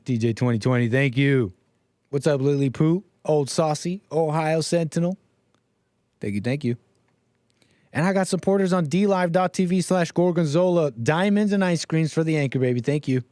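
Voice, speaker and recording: A man hosting a live stream in a casual, jokey, animated way, reading out viewer messages and reacting to clips. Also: on the high side, moderate pace, no echo, clean studio sound. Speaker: livestream host.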